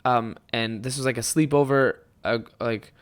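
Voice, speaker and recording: A young man in his twenties hosting a podcast, telling stories in a rambling, casual way, swearing often and bursting into loud animated moments. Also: medium pitch, moderate pace, clear, resonant tone. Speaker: podcast host. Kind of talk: casual solo podcast storytelling.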